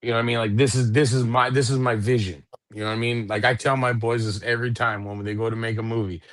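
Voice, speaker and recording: A middle-aged man rambles through a casual podcast chat, peppering his talk with swearing and "you know what I mean." His voice sits at an ordinary pitch, and the sound is dry and close, with no room around it. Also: flat delivery, fast, dry recording. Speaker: podcast co-host.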